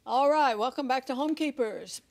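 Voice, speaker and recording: A woman's voice: high voice, lively intonation, normal speed, gravelly. A woman hosting a television talk show, chatting and telling funny stories during a cooking segment. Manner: chatty storyteller, jokey. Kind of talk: casual chat on a cooking segment.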